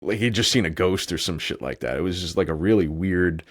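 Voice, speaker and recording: A man's voice: low-pitched, expressive, a little fast. Guy telling a wild story on a podcast, rambly, lots of "like", voice jumps all over. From New York. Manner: rambling, heavy use of "like". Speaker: podcast host. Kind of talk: casual storytelling.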